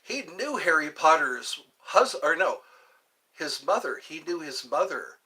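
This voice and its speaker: A man's voice: fairly high pitch, big pitch swings, measured pace, sharp tone, husky, low-quality recording. A man hosting a live stream, rambling casually and answering viewers' comments.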